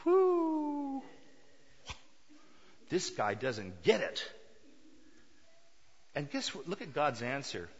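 A man's voice: medium pitch, big pitch swings, slow pace, pauses often, husky. A male pastor preaching a sermon emphatically, firing rhetorical questions at his congregation. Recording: dull sound with long hall reverb.

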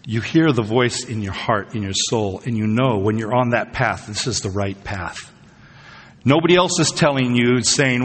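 A male pastor delivers a sermon and keeps asking his listeners questions. He speaks at a middle pitch with a somewhat husky tone. The recording has the long reverb of a church sanctuary. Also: animated, normal speed. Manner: conversational, asks the congregation questions.

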